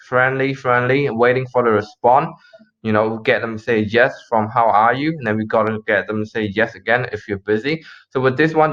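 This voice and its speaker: A man's voice: mid-range voice, a bit bright. A man teaching a cold-call sales script in a casual, repetitive way, acting out the phone lines as he goes. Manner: casual, repeats phrases, acts out call lines. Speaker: sales trainer. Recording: slightly dull lo-fi audio.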